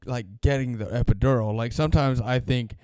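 A man co-hosting a comedy podcast, blunt and profane, with deadpan quips. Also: mid-range voice, fairly quick, clear, resonant tone, no echo, studio quality. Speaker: podcast co-host. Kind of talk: crude casual comedy chat.

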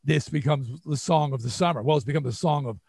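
Telling stories as an interview guest, an older musician from the New York area animatedly performs other people's lines in his New York accent. His voice is on the high side and fairly quick, with vocal fry and a breathy edge, and no room sound.

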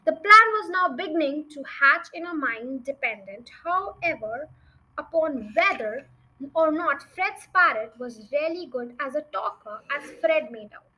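A woman's voice: high voice, expressive, unhurried, bright, forceful tone, poor audio. A young woman reading a children's novel aloud as a storyteller, with chatty asides to her listeners.

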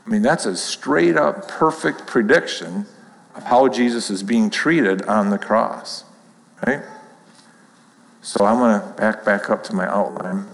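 Man, Bible class teacher, slow deliberate pace, reads verses with rising emphasis, echoey room with long reverb. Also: lowish voice, creaky.

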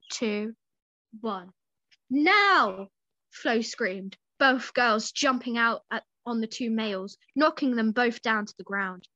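A young woman with a high, bright voice reads a story for a podcast in a relaxed way and keeps breaking off to giggle and chat. Her voice is close and dry, and the sound is a little dull. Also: no echo. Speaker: podcast co-host reading a story aloud. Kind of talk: casual story reading with chat.

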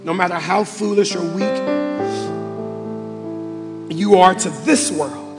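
A man preaching a passionate sermon as pastor in a church sanctuary, often rising to shouts. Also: high-pitched, fairly even intonation, slow pace. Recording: reverberant church hall with faint music.

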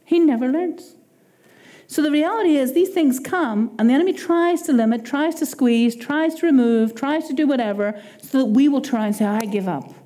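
Irish woman preacher, higher-pitched, warm mellow voice, chatty sermon delivery. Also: moderate pace. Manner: animated, conversational preaching with quoted asides.

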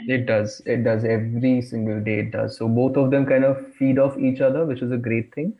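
A man's voice: medium pitch, little pitch movement, brisk, highs cut off. A man, an illustrator and corporate trainer chatting in a casual podcast, rambling with many fillers and restarts.

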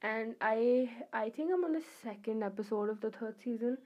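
Chatty young woman, higher voice. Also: normal speed, lo-fi sound. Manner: chatty, rambling, effusive. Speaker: vlogger. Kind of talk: casual chat to camera.

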